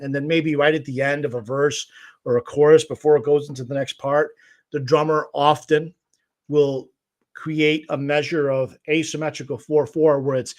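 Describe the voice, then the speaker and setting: A man's voice: on the high side, normal speed. A man teaching guitar rhythm on a livestream, patiently explaining and counting beats aloud. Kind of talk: livestream music lesson.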